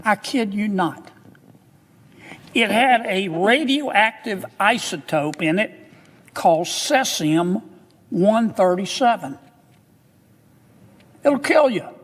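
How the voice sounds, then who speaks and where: A man's voice: high voice, lively intonation, slow pace, pauses often. A man, a politician, giving a formal floor speech with dramatic, folksy warnings. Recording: long reverb of a large chamber.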